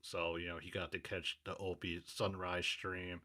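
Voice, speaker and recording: Brief: deep male podcast host, laid-back commentary asides. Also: level tone, normal speed, pushed and bright. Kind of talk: casual commentary on an old clip.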